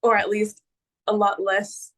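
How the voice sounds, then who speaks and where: A woman of middle pitch joins a fitness check-in over a video call. She talks casually, telling stories with plenty of fillers. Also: completely flat delivery, a little slow, fairly bright tone, rough recording. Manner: chatty, storytelling with fillers. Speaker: guest, fitness group member. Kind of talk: casual conversation.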